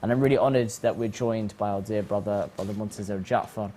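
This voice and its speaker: Animated man giving a reflective talk. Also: on the low side, fast talker, a little hiss or hum. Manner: animated, acts out quoted voices. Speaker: host.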